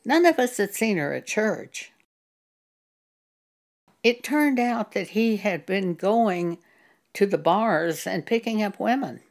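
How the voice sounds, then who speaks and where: A woman giving a Bible teaching, telling a personal story and reading scripture aloud in a slow, deliberate way. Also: medium pitch, lively intonation, creaky.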